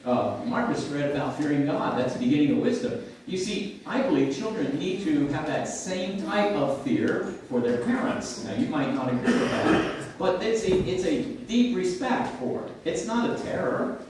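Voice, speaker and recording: Older man, pastor, conversational sermon, halting restarts, lively pitch, far from the mic, heavy church echo. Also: a little hiss or hum. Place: church sanctuary. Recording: echoey church livestream from far off.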